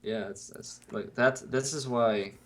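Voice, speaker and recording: A man's voice: mid-range voice, unhurried, fairly bright tone, slight background noise. A young man co-hosting a podcast in casual chat, laid-back and joking, laughing often. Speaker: podcast co-host.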